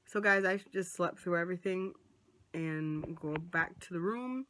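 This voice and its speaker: Woman, casual vlog storytelling, animated, close small camera. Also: fairly low pitch, measured pace. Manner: chatty, animated, acts out quoted voices. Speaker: vlogger. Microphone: phone or small camera close up.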